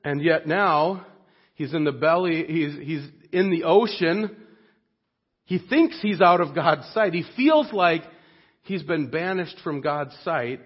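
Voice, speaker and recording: A man giving a sermon in an earnest, expressive way, dropping soft and low on grave points. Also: takes it slowly, husky. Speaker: preacher. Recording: dull lo-fi recording.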